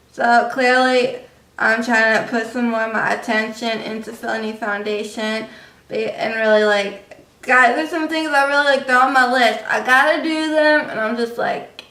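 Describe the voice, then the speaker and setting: A woman's voice: on the high side, sharp tone. A young woman vlogging in a casual, rambling way, confiding in viewers with lots of fillers. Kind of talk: casual rambling vlog monologue. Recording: echoey room, distant mic.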